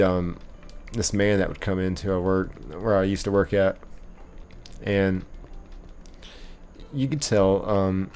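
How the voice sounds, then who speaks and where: A young man hosts a live game stream, reading out viewer messages and chatting loosely. His voice sits low with a gravelly, fry-edged texture. He rambles, with plenty of fillers. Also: darkish tone. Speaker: livestream host.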